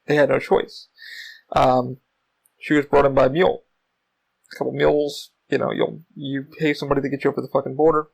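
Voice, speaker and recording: A man's voice: mid-range voice, little pitch movement, brisk, vocal fry, poor audio. A man hosting his own podcast, talking in a rambling, casual monologue full of swearing and fillers. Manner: rambling, heavy profanity, frequent fillers. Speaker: podcast host.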